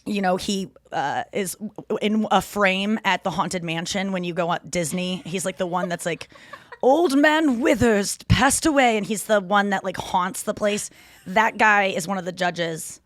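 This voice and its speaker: A woman's voice: fairly low pitch, normal speed, no echo, clean studio sound. A woman in her thirties, a comedian hosting a podcast, chatting casually and mocking people in put-on voices. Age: 30s. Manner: animated, profane, acts out quotes in mocking voices; frequent "like" fillers and restarts. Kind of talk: casual chat.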